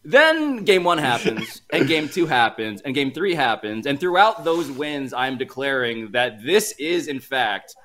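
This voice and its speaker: A man co-hosting a sports podcast, telling stories in a playful, animated way. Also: mid-range voice, unhurried, hardly any pauses. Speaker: podcast co-host, fan. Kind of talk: casual sports chat.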